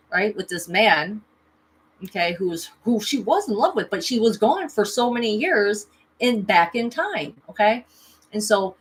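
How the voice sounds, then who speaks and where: A woman hosting a spiritual livestream, telling a personal story in a chatty, profane way, checking in with "okay" and "right" as she talks into a camera at home. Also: mid-range voice. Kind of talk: casual storytelling monologue.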